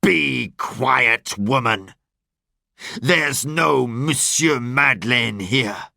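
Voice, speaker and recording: A man's voice: mid-range voice, very slow, vocal fry, bright, forceful tone, no room sound, clean studio sound, heavily acted. A man voicing a harsh police inspector who gives cold orders. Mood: stern. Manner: cold, commanding.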